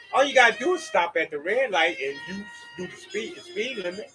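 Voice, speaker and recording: Male host, high bright voice, rambling preachy talk, faint music behind. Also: animated, fairly quick, rough recording. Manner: rambling, preachy, swears, talks to listeners as y'all. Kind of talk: casual spoken monologue.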